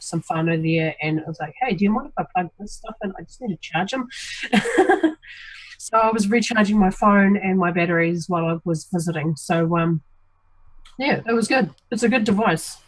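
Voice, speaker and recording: A woman with a New Zealand accent tells a relaxed story with many fillers. Her voice is low and husky. The sound is dry and close. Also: no room sound, low-quality recording. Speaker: co-host. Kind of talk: casual storytelling.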